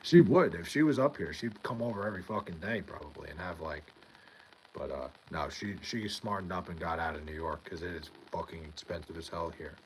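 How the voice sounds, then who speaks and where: Low-voiced young man chatting on stream. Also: brisk, slight background noise, poor audio. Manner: rambling, swears often, talks to chat by name. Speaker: livestream host reading chat. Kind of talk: casual livestream chat. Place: home in New York.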